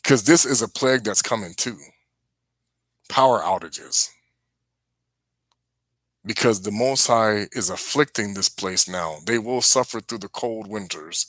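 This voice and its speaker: A man's voice: fairly low pitch, unhurried, long pauses, a bit bright, no room sound. A man hosting a religious live stream, preaching casually and earnestly to his viewers with warnings.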